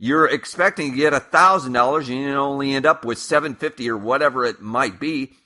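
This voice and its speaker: A man's voice: medium pitch, a little fast, bright, forceful tone. A man hosting a personal finance channel, talking casually and emphatically through tax ideas, with asides and restarts. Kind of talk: casual explainer monologue.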